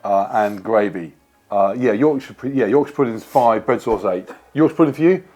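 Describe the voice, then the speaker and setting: A man's voice: on the low side, normal speed, dark tone, faint music behind. Playful man taste-testing food. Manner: playful, chatty, joking. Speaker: vlogger host. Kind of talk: casual food taste-test chat.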